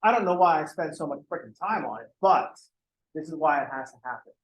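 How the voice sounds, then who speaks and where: Swearing, casual math lecturer, fairly high voice. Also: male voice, lively intonation, fairly quick, slightly rough, poor audio. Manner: casual, profane, acts out dialogues. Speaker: math instructor. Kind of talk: informal lecture.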